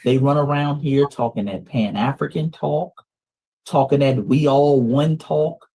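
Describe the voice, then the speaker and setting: A man's voice: medium pitch, a little slow, dark tone. A male talk show host who lectures emphatically and repeats his points while commenting on politics.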